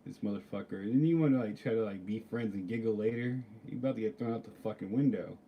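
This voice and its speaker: A man's voice: on the low side, fast, muffled recording, slight background noise. A man ranting casually to camera, rambling and swearing, with lots of filler words. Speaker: vlogger. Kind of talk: casual storytelling rant.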